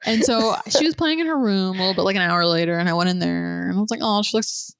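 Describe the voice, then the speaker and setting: A woman co-hosting a podcast, telling a story with lively acted-out quotes and plenty of swearing. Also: mid-range voice, quick pace, gravelly, dry recording, clean studio sound. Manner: animated storytelling, acts out quotes, swears freely. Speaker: podcast co-host. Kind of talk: casual chat.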